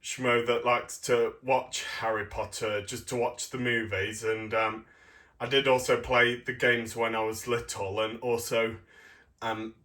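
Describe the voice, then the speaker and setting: A man's voice: mid-range voice, little pitch movement, unhurried, fairly bright tone. A young man giving a casual review of a toy set, rambling and hesitant with many ums.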